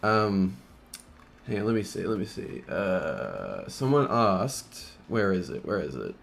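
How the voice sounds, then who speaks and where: A man's voice: deep voice, big pitch swings, slow, creaky, slight background noise. A young man, casually answering fan questions and telling crude stories, swearing often and laughing as he goes. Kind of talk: casual Q&A storytelling.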